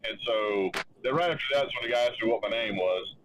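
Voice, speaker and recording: Halting man telling a story. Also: on the low side, expressive, background noise. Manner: halting, restarts often, acts out others' lines. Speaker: show host. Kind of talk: casual chat, telling a story.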